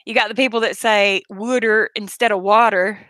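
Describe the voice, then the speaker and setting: A woman's voice: mid-range voice, steady tone, a little fast, fairly bright tone, dry recording. A woman from the Atlanta area hosting a late-night video call, joking brashly and swearing freely in casual chat.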